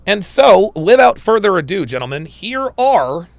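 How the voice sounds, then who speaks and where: A man hosts a livestream, commenting emphatically and repeating phrases as he builds each point. His voice is high, with big pitch swings, vocal fry and a slightly slow pace, recorded without echo.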